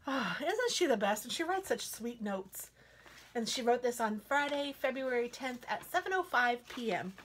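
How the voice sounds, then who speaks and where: A woman craft vlogger chatting casually as she unboxes mail, gushing sweetly and sometimes dropping to a soft whisper. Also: on the high side, animated, moderate pace, noisy background.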